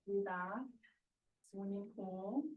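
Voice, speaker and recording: Woman, mid pitch, realtor talking at meeting, chatty, echoey, distant. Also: slow, phone-quality sound. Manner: chatty, laughs between phrases. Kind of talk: casual meeting remarks. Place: large meeting room. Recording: echoey room, heard from afar.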